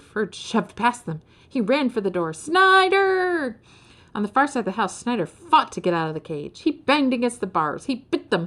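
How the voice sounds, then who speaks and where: A woman reading a children's storybook aloud in an expressive, dramatic storytelling manner. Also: mid-range voice. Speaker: storybook reader.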